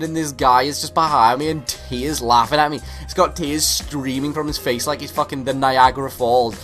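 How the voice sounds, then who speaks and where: A young man with a British accent telling a comic story to camera, animated and exaggerated, swearing freely. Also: mid-range voice. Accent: British English. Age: young adult. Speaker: vlogger.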